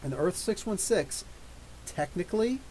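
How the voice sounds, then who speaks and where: Man, middle-aged, podcast host, live Q&A, profane mocking rant, lively swooping pitch. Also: moderate pace, a little hiss or hum, low-quality recording. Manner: animated, profane, mocking ranting.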